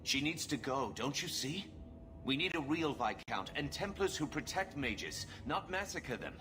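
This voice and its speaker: A man's voice: a little high, lively intonation, a little slow. A man voicing an earnest young male templar in a video game who pleads urgently for a reform cause, with game music behind him.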